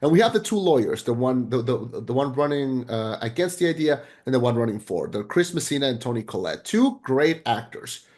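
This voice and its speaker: A man co-hosting a podcast, chatting casually and excitably about a film, rambling with frequent restarts and casual swearing. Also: medium pitch, brisk, hardly any pauses. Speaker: podcast co-host. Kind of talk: casual film review chat.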